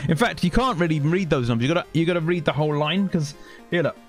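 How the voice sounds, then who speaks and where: A man's voice: a little high, fast, faint music behind. Sarcastic chatty male gaming streamer. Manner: sarcastic, chatty, thinks aloud. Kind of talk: casual gameplay commentary.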